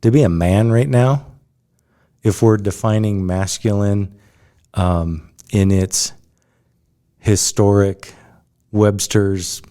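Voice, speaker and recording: A man co-hosting a podcast, speaking in a slow, deliberate way and thinking aloud in measured phrases. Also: lowish voice, warm tone. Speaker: podcast co-host. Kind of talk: casual chat.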